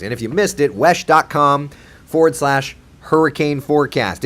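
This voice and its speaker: A man's voice: mid-range voice, moderate pace. A man hosting a casual live chat as a TV meteorologist, playful and chatty as he answers viewers' comments.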